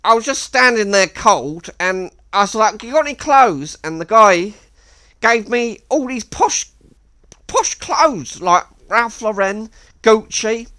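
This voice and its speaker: A man voicing a rowdy, erratic, boastful drunk in a raised, excited voice. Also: high voice, slow pace, pitched above the performer's own voice, heavily acted.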